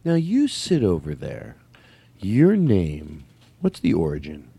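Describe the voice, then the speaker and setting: A man hosting a podcast, boisterous and teasing, swearing freely in loud comic banter. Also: low-pitched, huge pitch swings, slow pace, creaky, husky, dry recording. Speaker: podcast host.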